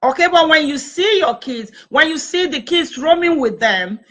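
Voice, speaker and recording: A woman's voice: sits high, animated, normal speed, a bit bright, poor audio. A woman chatting on a talk show, earnestly giving advice and retelling conversations. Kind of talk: casual talk-show chat with storytelling.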